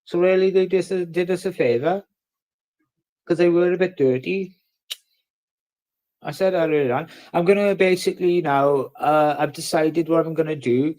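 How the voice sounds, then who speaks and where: A man's voice: on the high side, steady tone, moderate pace, long pauses, darkish tone. A man hosting a casual livestream, ranting and swearing in between jokes. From Wales. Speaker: livestream host.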